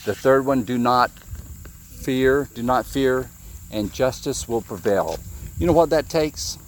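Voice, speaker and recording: A man's voice: medium pitch, unhurried, slight background noise. A man giving an informal sermon, reading scripture and asking his listeners questions, often repeating himself. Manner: conversational, questions the audience, repeats words. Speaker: preacher.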